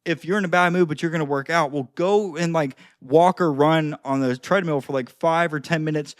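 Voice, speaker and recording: A man's voice: a little high, moderate pace, no echo, studio quality. A young man giving casual social-skills advice to camera, rambling with lots of fillers and the odd swear word. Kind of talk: casual talking-head advice.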